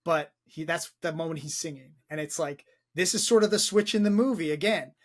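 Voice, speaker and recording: Enthusiastic rambling man, slightly high voice. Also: a little fast. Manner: enthusiastic, rambling, repeats words, swears freely. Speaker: podcast co-host. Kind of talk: casual film discussion.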